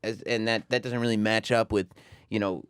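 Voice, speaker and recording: A male radio host asking probing, thoughtful questions. His voice is fairly low and smooth, and the studio sound is dry. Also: steady tone, moderate pace, no room sound. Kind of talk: interview questions.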